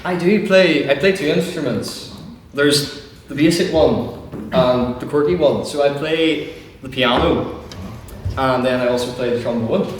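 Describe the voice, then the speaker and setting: In a large lecture hall full of people, a young man leading a student debating society takes questions and cracks self-deprecating puns. He speaks unhurriedly at medium pitch, and the noisy recording picks up hall echo from far away.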